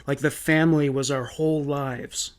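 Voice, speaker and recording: A man reading out a grieving young adult daughter's halting testimony in a fairly high voice. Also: fairly even intonation, lightly acted. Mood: somber. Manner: halting, hesitant testimony read aloud.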